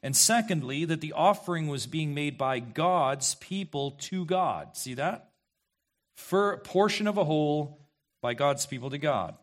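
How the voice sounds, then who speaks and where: A fairly high-voiced man preaches as pastor, leaning hard on his points. He asks the congregation questions and repeats key phrases for emphasis. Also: animated, a little slow. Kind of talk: expository sermon.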